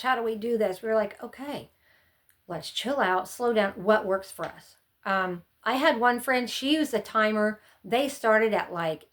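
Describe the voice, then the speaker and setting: A middle-aged woman with a mid-range, slightly bright voice chats casually to camera, offering rambling, friendly advice from her years as a homeschooling mom. Chatty and meandering, she often acts out her own past panics.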